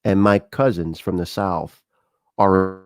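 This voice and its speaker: A slow, low-voiced middle-aged man hosts a talk show, chatting in a relaxed way and acting out dialogue in lively stories. The sound is clean studio audio with no room echo.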